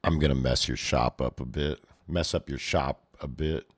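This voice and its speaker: A man putting on a grim, hulking swordsman who growls short, menacing lines from deep in his chest. He is terse and cold, a brooding hero of a dark fantasy tale. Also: steady tone, moderate pace, no echo.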